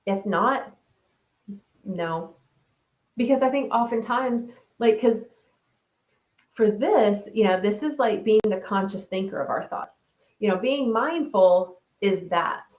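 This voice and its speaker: A woman's voice: medium pitch, animated, takes it slowly, long pauses, a little mellow. A woman hosting a mindfulness talk, chatting casually, thinking aloud and reading out viewer comments. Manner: chatty, thinks aloud with many restarts and "right?". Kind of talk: casual live-stream chat. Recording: roomy echo.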